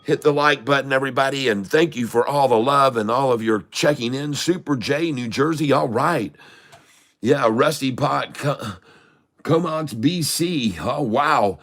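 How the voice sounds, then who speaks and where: A bit slow and fairly bright, the medium-pitched voice belongs to a middle-aged host of a live trading stream. He's upbeat, saying hello to viewers, reading their messages out, and hyping them up.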